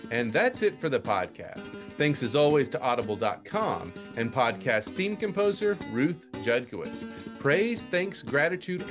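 Lively male podcast host over guitar. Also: mid-range voice. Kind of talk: scripted sign-off.

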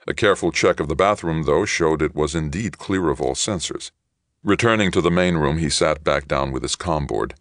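A man narrates a science fiction novel in a steady, measured way. His voice is extremely deep. The sound is dry and close, with no room around it. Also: no room sound. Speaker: audiobook narrator.

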